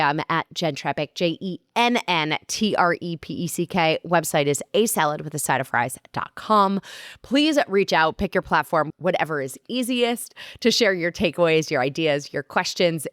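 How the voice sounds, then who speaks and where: A woman's voice: on the low side, fairly bright tone, no room sound, clean studio sound. A woman hosting a wellness podcast, closing an interview and signing off in an upbeat, friendly way. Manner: upbeat, friendly wrap-up patter. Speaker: podcast host.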